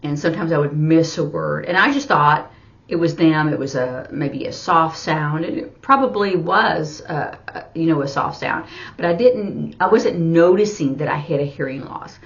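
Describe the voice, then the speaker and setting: A middle-aged woman, an ASL teacher and interpreter, telling a personal story in a slow, halting way with many fillers. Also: deep voice, gravelly. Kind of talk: personal story told while signing. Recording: dull lo-fi sound.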